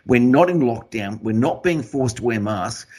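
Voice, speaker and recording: An Australian man hosts a casual talk show, ranting hard and swearing freely. His voice is husky and sits at an ordinary middle pitch. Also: expressive, moderate pace, darkish tone. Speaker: podcast host.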